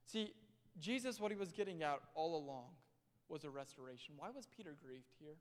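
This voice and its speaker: A young male pastor preaching a sermon in a church, swinging between loud and hushed delivery. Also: a little high, animated, a little fast. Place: church sanctuary. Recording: long hall reverb.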